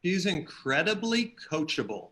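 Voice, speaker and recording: A man's voice: a little high, measured pace. A man guesting on a podcast, chatting casually and telling stories with acted-out quotes. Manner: storytelling, acts out quotes in animated voices. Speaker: podcast guest, team leader. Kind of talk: casual chat.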